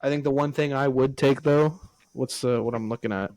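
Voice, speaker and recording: A man co-hosts a sports chat in a mid-pitched voice, recorded dry and close to the mic. He answers in a measured way, pausing and hesitating before he commits. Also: fairly even intonation, a little mellow, no echo, rough recording. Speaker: podcast co-host.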